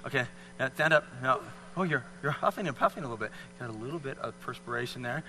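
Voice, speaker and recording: A man's voice: mid-range voice, fast, sharp tone, long reverb tail. Upbeat man coaching an audience. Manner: encouraging, coaxing, repetitive cues. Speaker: speaker leading a fitness demonstration. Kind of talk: live talk to an audience with volunteers.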